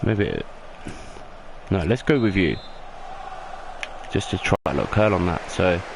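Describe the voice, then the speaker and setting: A young man commentates on his own video game football match, in a lowish voice that climbs with excitement at the big moments. His casual play-by-play comes through a home recording with plain background noise. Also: unhurried, creaky. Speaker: gaming YouTuber. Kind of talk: mock football commentary over gameplay.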